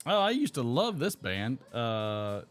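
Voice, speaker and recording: This man hosts a live stream while smoking his pipe, talking slowly and smoothly with big swings in pitch from his mid-range voice. He wanders from topic to topic, chuckling as he reads chat comments out loud.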